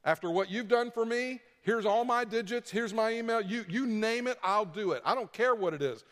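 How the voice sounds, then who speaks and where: High-voiced preaching man in a hall. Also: expressive, fairly quick, a bit bright. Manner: preaching with emphatic repetition and acted-out quotes. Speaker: pastor. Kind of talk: sermon.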